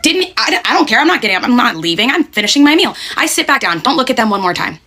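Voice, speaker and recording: A woman's voice: fairly high pitch, very animated, fast, pushed and bright. A young woman who works as a server tells a story in a blunt, sweary, emphatic way and keeps asking "okay?". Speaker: restaurant server telling a story. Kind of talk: casual storytelling rant.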